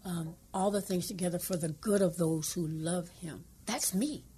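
A woman co-hosting a Christian radio talk show, speaking earnestly and quoting scripture, sometimes dropping into hushed asides. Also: on the low side, steady tone, normal speed, slightly rough.

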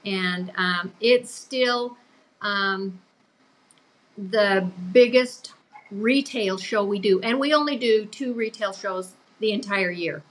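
A woman's voice: medium pitch, slow, low-quality recording. An older woman, a podcast guest, speaking earnestly about her small family company. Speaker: guest, business co-owner. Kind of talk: podcast interview.

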